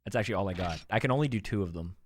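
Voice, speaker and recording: A man's voice: on the low side, animated, racing, loud music behind the voice. A young man streaming a game, casually chatting and joking with his chat as he plays.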